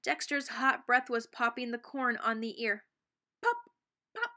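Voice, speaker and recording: A woman reading a children's picture book aloud, expressive and playful with sound words. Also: on the high side, a little slow. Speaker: read-aloud narrator.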